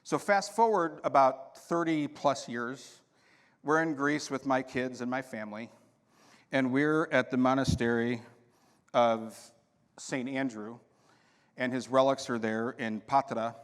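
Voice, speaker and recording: At a conference, a man tells animated anecdotes in a storytelling talk, acting out voices and quoting dialogue. His mid-range voice moves at a measured pace, and the recording carries the reverb of the conference hall.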